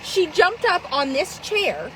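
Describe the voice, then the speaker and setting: A woman vlogging live in casual chat, swearing freely and laughing often as she tells animated stories. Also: very high voice, slow pace, a little hiss or hum, low-quality recording.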